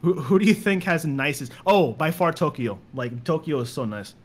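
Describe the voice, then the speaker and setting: A man's voice: fairly high pitch, moderate pace. A young man telling stories in a casual podcast chat, rambling and repeating words as he goes. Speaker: guest.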